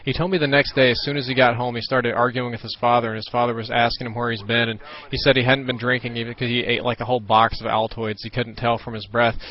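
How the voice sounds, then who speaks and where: Rambling, swearing young gaming commentator. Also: male voice, medium pitch, level tone, quick pace, few pauses. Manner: rambling, swearing, self-correcting. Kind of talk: casual storytelling over gameplay. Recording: dull lo-fi recording.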